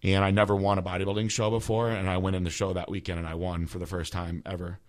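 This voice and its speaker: Fast-talking and flat in delivery, a very low-voiced man tells a long personal story in a loose, rambling way. He sounds like a podcast host in his thirties, with frequent fillers and restarts.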